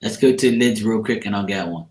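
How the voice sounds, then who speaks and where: A man's voice: on the low side, brisk, a little mellow. A man telling a rambling story in a casual way, with many restarts and some laughs. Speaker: channel host. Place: room in a home. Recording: echoey room.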